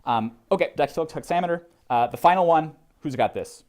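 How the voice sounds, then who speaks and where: A man teaches a class on poetry in a lively, up-and-down voice. He hesitates often and restarts his sentences, putting questions to his students as he goes. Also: fairly high pitch. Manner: reads verse slowly with heavy stress. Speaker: literature lecturer. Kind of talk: classroom lecture.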